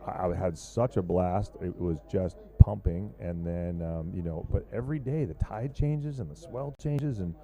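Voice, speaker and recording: A man calling a surf contest live, his voice low and very dark in tone. He talks in a loose, joking way, rambling through plenty of fillers as he chats with his co-host. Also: moderate pace, few pauses. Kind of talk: live sports commentary.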